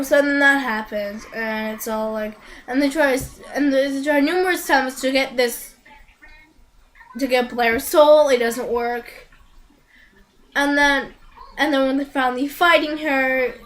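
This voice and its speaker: A woman's voice: high voice, a little hiss or hum, rough recording. A woman casually recapping an anime, rambling with many fillers and restarts and sounding incredulous. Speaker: vlogger reviewing an anime.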